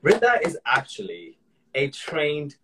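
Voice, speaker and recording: A man hosting a podcast, reading an upbeat intro and then chatting in a lively, teasing way. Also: on the high side, slow pace, background noise. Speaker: podcast host. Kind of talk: scripted intro then casual chat.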